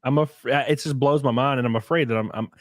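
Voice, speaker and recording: A young man hosting a casual podcast chat, excitable and crude, swearing freely. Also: mid-range voice, fast, no echo, studio quality. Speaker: podcast host.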